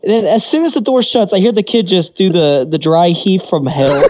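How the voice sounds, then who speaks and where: A man's voice: high-pitched, normal speed, darkish tone, poor audio. A man co-hosting a podcast, telling crude stories casually, swearing freely and laughing often. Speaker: podcast co-host.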